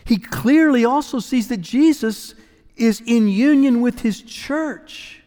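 A man preaching a sermon as pastor, emphatic, repeating phrases for weight and moving between hushed and raised delivery. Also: extremely high pitch, slow pace. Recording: long reverb of a large hall.

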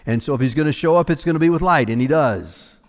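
High-voiced preacher in a reverberant hall. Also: male voice, expressive, quick pace. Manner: emphatic, repeats phrases for weight; swings between hushed and raised delivery. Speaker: pastor. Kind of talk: sermon. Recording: long reverb of a large hall.

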